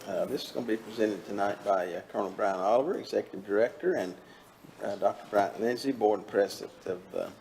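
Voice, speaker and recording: A man chairing a county board meeting, moving items along briskly. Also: lowish voice, darkish tone, slight background noise, rough recording. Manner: brisk and procedural.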